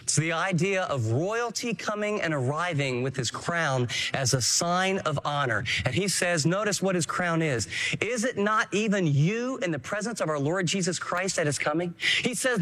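A man preaching a sermon, emphatic and animated, often asking his listeners questions. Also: high-pitched, moderate pace. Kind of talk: radio sermon.

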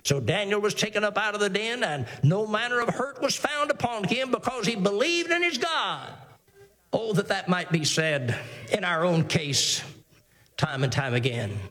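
High-voiced man preaching a sermon. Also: expressive, normal speed, fairly bright tone. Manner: earnest, repetitive preaching with stammered restarts; reads scripture in old-fashioned wording. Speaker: pastor.

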